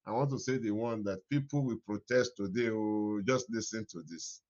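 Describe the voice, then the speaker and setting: A man preaching an animated morning devotion sermon as pastor, repeating his phrases and laughing often. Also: medium pitch, highs cut off.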